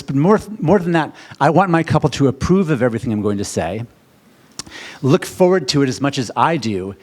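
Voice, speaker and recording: A middle-aged American man, working as a wedding officiant, gives a seminar presentation in a theatrical, animated style, suddenly jumping to loud, high-pitched questions.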